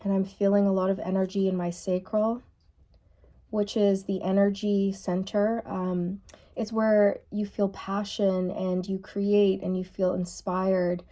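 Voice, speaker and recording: A woman giving a channeled tarot reading to her viewers, musing softly and repeating key phrases. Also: medium pitch, level tone, measured pace. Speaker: tarot reader.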